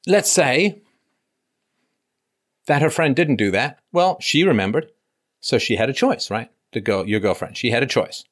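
A man's voice: medium pitch, lively intonation, measured pace, long pauses. A man hosting an advice call-in show, lecturing a caller emphatically and acting out quoted remarks mockingly.

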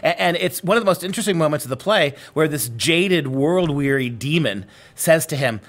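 A man's voice: fairly high pitch, fairly quick, hardly any pauses, a bit bright. A man who teaches literature at a university, speaking in a conversational lecture style and acting out quotes as he tells a story.

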